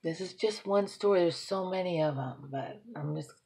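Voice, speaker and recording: A young adult woman talking to camera in a rambling personal monologue, emotional and swearing freely, swinging between quiet confiding and loud ranting. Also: on the low side, normal speed, husky. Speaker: vlogger.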